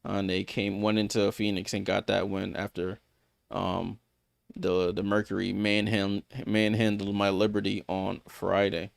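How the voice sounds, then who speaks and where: A man's voice: lowish voice, little pitch movement, measured pace, creaky, no echo. A man hosting a live sports watchalong, recapping scores in a loose, chatty way with lots of fillers and answering viewers by name. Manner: loose, filler-heavy recap with many restarts. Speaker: watchalong host. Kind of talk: casual live-stream commentary.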